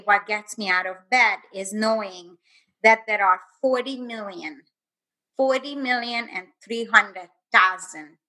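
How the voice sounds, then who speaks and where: A woman's voice: medium pitch, bright, forceful tone, rough recording. A woman guest and author telling her personal story in an earnest, intense way, speeding up in bursts.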